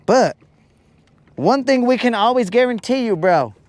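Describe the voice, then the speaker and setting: A man's voice: extremely high pitch, lively intonation, unhurried. A man hosting a fishing show, joking around casually on a boat and calling people bro and dog. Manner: slangy, joking, keeps saying bro and dog.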